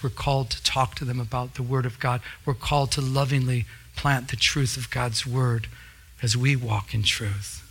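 Male pastor, sermon delivery, fervent and repetitive, bright tone. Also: mid-range voice, breathy edge. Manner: fervent, repeats phrases for emphasis. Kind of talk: preached sermon.

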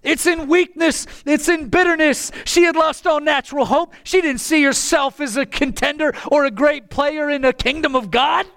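A man preaching a sermon with passion, often rising to a shout. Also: very high-pitched, normal speed, few pauses, dry recording. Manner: impassioned, bursts into shouting.

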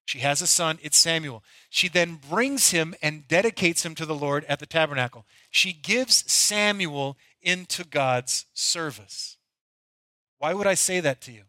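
A man's voice: on the high side, a little slow, bright, forceful tone, no echo. A middle-aged male pastor delivering a conversational, storytelling sermon.

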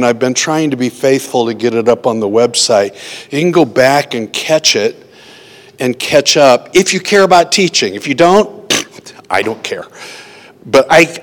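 A man's voice: medium pitch, a bit bright. A pastor giving an informal, conversational teaching to a small group, often asking his listeners rhetorical questions. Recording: long hall reverb.

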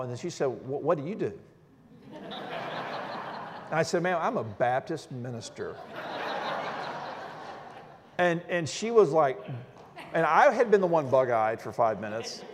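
A man preaching as a Baptist minister, telling a story in an animated way with many restarts. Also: mid-range voice, creaky. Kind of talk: sermon storytelling. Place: church sanctuary. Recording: long reverb of a large hall.

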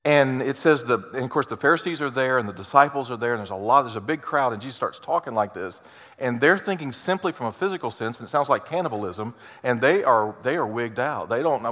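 A male pastor delivering a sermon in an earnest, heartfelt way. His voice sits at a middle pitch and shifts from loud, pressing emphasis to hushed, personal asides. The sound carries a long reverb, as in a large church sanctuary. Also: expressive, a little fast. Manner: earnest, swings between loud emphasis and quiet intimate asides.

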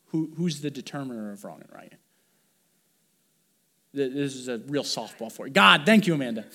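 A man's voice: mid-range voice, animated, normal speed, sharp tone. A male pastor delivering a conversational sermon, asking the congregation questions and pressing his points with emphasis. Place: church sanctuary.

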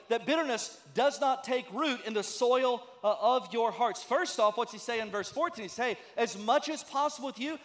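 A man's voice: extremely high pitch, fairly bright tone. A man preaching a sermon as a pastor, conversational and emphatic, with many rhetorical questions. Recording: long reverb of a large hall.

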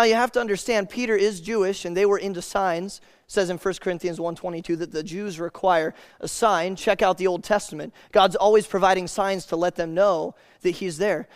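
High-voiced casual male preacher. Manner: casual and conversational, addresses listeners as "man" and "guys"; reads scripture aloud slowly. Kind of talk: sermon.

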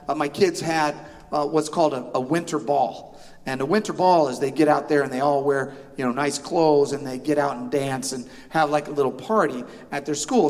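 A middle-aged man preaching a sermon, telling a family story with self-deprecating humor and asides to the congregation. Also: on the high side. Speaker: pastor. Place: church sanctuary. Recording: long hall reverb.

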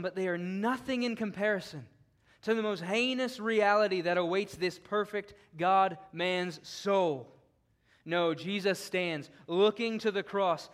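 A man preaching a fervent sermon, shifting between forceful declarations and hushed, solemn passages. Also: sits high.

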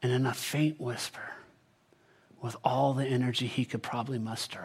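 A man telling a Bible story in the first person as a character, often dropping to a hushed whisper. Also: mid-range voice, flat delivery, moderate pace, husky.

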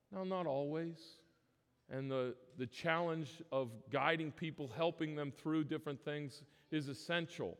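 A man preaching a sermon as pastor, earnest and emphatic, often restarting his phrases. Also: on the high side. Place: church sanctuary. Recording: long church reverb.

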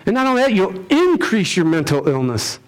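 A man's voice: sits high, very animated, brisk. Man preaching an emphatic sermon. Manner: emphatic preaching with rhetorical questions, swinging between loud and hushed. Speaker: pastor.

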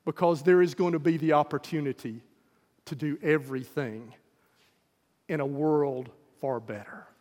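High-voiced emphatic male preacher. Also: in a large hall. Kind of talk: sermon.

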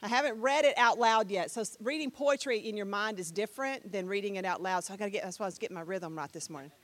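A woman's voice: medium pitch, fast talker, no echo. A middle-aged woman teaching a Bible class, chatty and direct, often repeating herself and putting questions to the class.

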